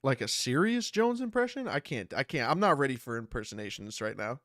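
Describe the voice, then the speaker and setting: A man's voice: mid-range voice, animated, normal speed, few pauses, a bit bright, no room sound, clean studio sound. A man in his thirties, stuffy from a cold, rambling casually on a livestream, swearing and laughing as he reads chat. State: congested from a cold. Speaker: streamer and battle rapper.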